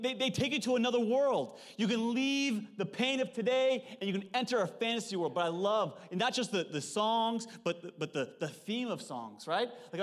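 A high-pitched man preaches with big, swinging intonation. He keeps it playful and animated, slipping into voices as he retells film moments for the congregation. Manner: animated, joking, acts out movie lines. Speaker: pastor. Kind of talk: sermon with movie references.

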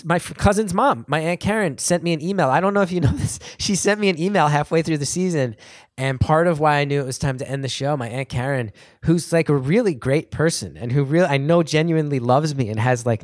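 A man in his thirties talks casually to a live audience, rambling and self-deprecating, full of "like" and false starts. His middle-pitched voice is recorded close and dry, with no room echo. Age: 30s. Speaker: comedian answering audience questions.

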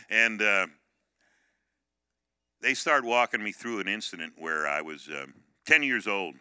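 A middle-aged male pastor giving a sermon, telling a personal story in an animated way and acting out the people in it. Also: fairly low pitch, normal speed, pauses often, clear, resonant tone, no echo, clean studio sound. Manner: animated, acts out the story in many voices.

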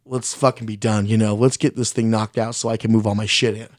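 A man's voice: on the low side, little pitch movement, fast talker, no echo, studio quality. Blunt, profane man telling a story. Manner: blunt, profane, self-deprecating, restarts often; speaks his mind plainly. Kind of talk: casual spoken storytelling.

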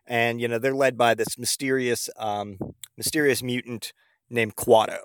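A man spinning a comic tale on his podcast, rambling and swearing freely, with plenty of "uh" and "you know". His voice sits at an ordinary middle pitch. The sound is dry and close, with almost no room around it. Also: flat delivery, normal speed, clear, resonant tone, no echo. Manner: rambling, profane, lots of fillers. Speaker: podcast host. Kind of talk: casual comedic storytelling.

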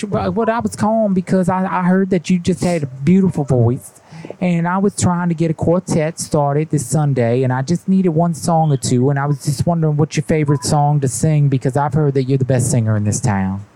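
A man doing a pushy middle-aged small-town pastor on a prank call, rambling in a mellow, warm tone. He keeps up an overly friendly churchy pitch that never lets the other person go. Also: normal speed, natural voice, low-quality recording. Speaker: prank caller.

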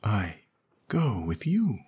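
A man voicing a strange feline alien woman who speaks in soft, broken, halting phrases. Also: fairly low pitch, wildly swooping pitch, husky, full character voice. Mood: hushed halting. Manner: broken halting speech, hushed.

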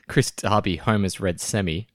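Speaking slowly in a deep voice, this man co-hosts a podcast in relaxed conversation, often laughing and starting his sentences over. It's studio quality with no room sound.

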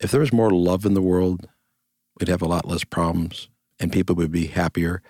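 A man's voice: sits low, fairly even intonation, normal speed, a little mellow, no echo. An older man, a grandfather, telling stories earnestly as an interview guest in a reflective conversation. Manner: storytelling, earnest, repeats phrases in lists.

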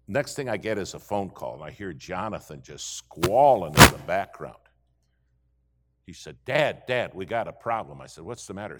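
Animated folksy preacher, man. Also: low voice. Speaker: pastor. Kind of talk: sermon.

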